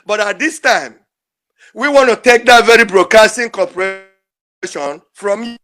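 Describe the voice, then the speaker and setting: A man's voice: high-pitched, a little slow, bright, forceful tone. An older man, calling in to a show and speaking in an emotional, pleading, repetitive way. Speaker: caller. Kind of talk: impassioned call-in speech.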